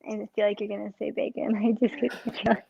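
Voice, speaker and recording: A woman's voice: mid-range voice, little pitch movement, quick pace, vocal fry, breathy edge, lo-fi sound. A woman cookbook author in her thirties, chatting casually at a book launch, bubbly and laughing often as she teases herself.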